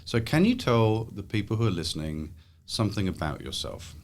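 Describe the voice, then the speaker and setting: An Englishman hosting a casual interview with his young daughter, asking gentle, coaxing questions in an English accent. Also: lowish voice, big pitch swings, a little fast, a little hiss or hum. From England.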